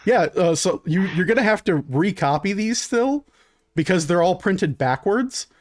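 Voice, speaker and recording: A man's voice: high voice, animated, normal speed, no room sound, studio quality. A man narrating a tabletop game as game master, in a loose, rambling way with frequent restarts.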